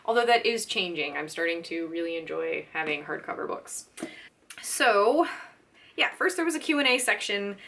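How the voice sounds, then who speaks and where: A woman book vlogger chatting casually to camera, giggly and gushing with fan excitement. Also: lowish voice, creaky.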